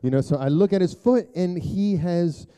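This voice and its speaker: A middle-aged man giving a rambling, conversational sermon talk to a church group, full of filler words and throat clearing. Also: normal speed. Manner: turns hushed and low for prayer. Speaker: speaker addressing a church group.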